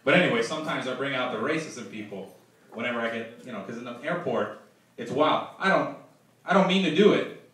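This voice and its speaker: A man's voice: medium pitch, brisk. A man doing a stand-up comedy set on a club stage, telling stories with acted-out dialogue. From Philadelphia, United States. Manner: lively storytelling with acted dialogue. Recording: echoey club, distant mic, audience noise. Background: audience laughter.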